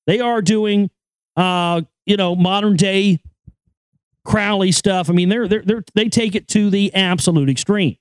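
Man, higher-pitched voice, dry close sound, blunt profane monologue, emphatic repetitions. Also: measured pace, clear, resonant tone, no echo. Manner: emphatic, profane, repeats words. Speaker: podcast host and filmmaker. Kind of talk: casual monologue.

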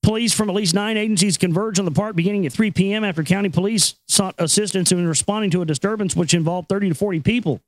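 A male talk show host reads the news and riffs on it in a loose, profane, rambling way. His voice sits fairly high for a man. The sound is close and dry, with no room echo. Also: fast talker, few pauses. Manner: profane, rambling, laughs often. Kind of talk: casual talk and news reading.

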